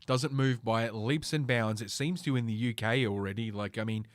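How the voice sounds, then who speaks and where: A man's voice: medium pitch, normal speed, no room sound. Brief: middle-aged male podcaster, swearing, sardonic rambling rant, dead-dry recording. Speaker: podcast host. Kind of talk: casual solo podcast rant.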